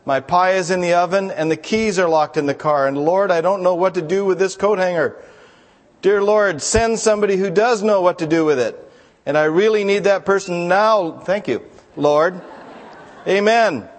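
A man's voice: high-pitched, normal speed, voice pushed up, natural voice. A man voicing a frantic, tearful middle-aged mother who pleads and gushes in a raised voice. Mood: pleading prayer. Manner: pleading, breathless prayer. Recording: long hall reverb.

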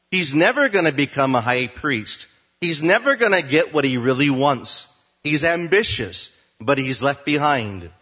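A male pastor preaching a sermon, reading scripture slowly and then explaining it in plain words. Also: a little high, fairly bright tone, muffled recording.

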